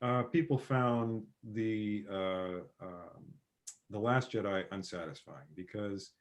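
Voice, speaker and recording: Animated man retelling film scenes. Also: lowish voice, slow pace. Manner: animated storyteller, acts out film scenes with sudden loud bursts. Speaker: podcast guest. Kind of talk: casual film chat.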